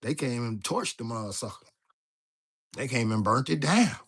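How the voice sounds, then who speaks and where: A man's voice: mid-range voice, expressive, moderate pace, fairly bright tone, slightly rough. A man hosting a casual livestream, talking loosely and greeting viewers from the chat. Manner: loose, chatty, talks to viewers directly, reads chat aloud. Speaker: livestream host.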